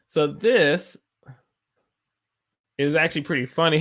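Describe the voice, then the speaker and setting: A man's voice: mid-range voice, animated, a bit bright. A man with a Southern US accent teaching English pronunciation, repeating example words again and again and answering viewer comments. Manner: slow, repeats demonstration words over and over. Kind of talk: pronunciation lesson with viewer chat.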